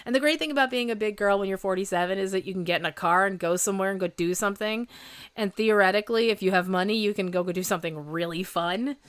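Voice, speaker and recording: A woman's voice: medium pitch, quick pace, clear, resonant tone, no room sound. Rambling, self-mocking woman in her forties. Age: 40s. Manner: rambling, self-deprecating, laughs often. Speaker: podcast host. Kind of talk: casual chat.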